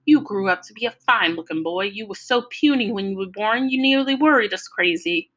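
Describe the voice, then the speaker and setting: A woman's voice: medium pitch, animated, fairly quick, fairly bright tone. A woman voicing an old Southern grandmother with a firm, emphatic drawl while reading a novel aloud. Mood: bossy.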